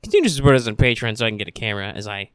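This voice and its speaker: A man's voice: on the low side, very fast, clean tone, no room sound. Tired guy riffing on a film, sarcastic and swearing, dry close mic. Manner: sarcastic, deadpan and profane. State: sleepy, yawning. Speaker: film commentator. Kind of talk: riffing movie commentary. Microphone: home podcast mic, no camera.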